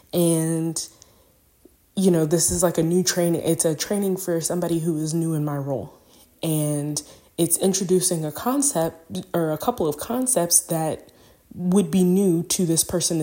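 A woman's voice: deep voice, mellow. A young woman hosting a podcast, talking through a personal reflection in a rambling way with many fillers, open about her feelings. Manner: rambling, filler-heavy, openly emotional. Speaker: podcast host.

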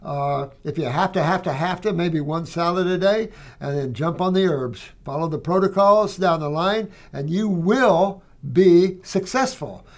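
A man with a fairly high voice hosts a health program in a loose, conversational monologue. He talks in a folksy, emphatic way. He calls his listeners "honey" and "dear one". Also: unhurried. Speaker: health show host reading viewer letters. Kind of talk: casual monologue answering letters.

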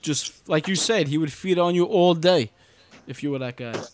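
A man's voice: fairly high pitch, moderate pace, noisy background. A man co-hosting a podcast, talking in an emphatic, profane, casual way. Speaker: podcast co-host.

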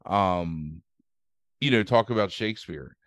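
Podcast guy rambling thru a movie plot, lots of um and like, cusses a bit, clean smooth voice. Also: low-pitched, a little slow, a bit bright, no room sound, clean studio sound. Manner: rambling, fillers, swears freely. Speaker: podcast host recapping a movie. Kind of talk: casual chat.

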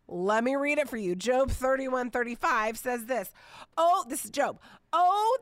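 A woman in her forties gives a relaxed Bible teaching on her podcast. She talks in a chatty, expressive way with playful asides, her voice sitting somewhat high. The sound is close and dry, with no room echo. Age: 40s.

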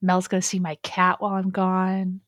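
A woman's voice: on the low side, monotone, normal speed, no echo, studio quality. A woman co-hosting a podcast in casual chat, chatty and giggly with lots of fillers. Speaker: podcast co-host.

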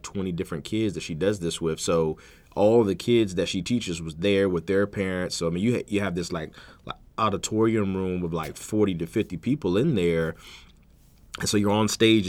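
A man in his thirties co-hosting a podcast, telling a family story in a relaxed, rambling casual chat. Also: low-pitched. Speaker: podcast co-host.

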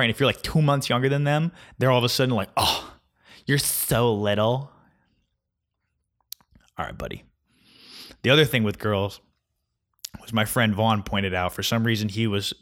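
A man's voice: on the low side, a bit bright. A man in his twenties ranting casually about his weekend in a sarcastic, mocking way, with many fillers. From New Jersey. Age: 20s. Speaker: vlogger.

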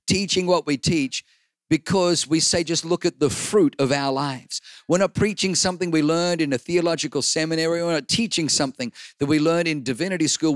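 A man's voice: fairly high pitch, dry recording, clean studio sound. A man, a pastor giving a sermon, who tells personal stories and repeats phrases for emphasis. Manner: animated storyteller acting out voices, repeats phrases for emphasis.

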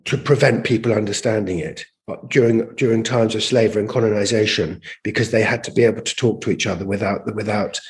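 A man's voice: on the low side, fast talker, few pauses. A man speaking as a guest in a conversational interview, telling stories animatedly, often repeating and restarting words as he thinks. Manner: animated storytelling, frequent repetitions and restarts. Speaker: guest, language campaigner.

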